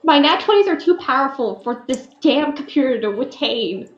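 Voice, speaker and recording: A woman's voice: high voice, lively intonation, moderate pace. A woman player in a tabletop game who makes sarcastic jokes. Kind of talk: casual tabletop game banter. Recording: echoey, dull lo-fi mic with loud noise.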